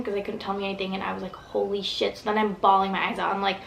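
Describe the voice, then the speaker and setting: A woman's voice: medium pitch, flat delivery, brisk, vocal fry, a little hiss or hum, low-quality recording. A young woman vlogger telling a long personal story in casual, rambling talk full of fillers and swearing.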